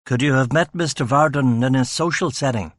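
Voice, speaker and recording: A man's voice: mid-range voice, fairly quick, no room sound, studio quality, natural voice. A man voicing a blunt, wry male police detective in an audiobook reading. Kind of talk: audiobook character voice.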